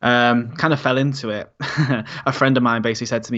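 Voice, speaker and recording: A talkative man with a Scouse accent, rambling through a casual conversation and breaking into laughs. His voice sits mid-pitch on a slightly dull recording. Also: fairly even intonation, fast, fairly bright tone. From Liverpool, England. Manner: chatty, rambling, laughs often. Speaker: guest, podcaster and activist.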